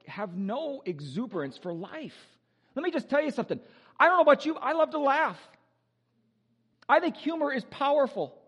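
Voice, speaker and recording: A male pastor preaching an animated, joking sermon with exuberant energy. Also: sits high, long reverb tail.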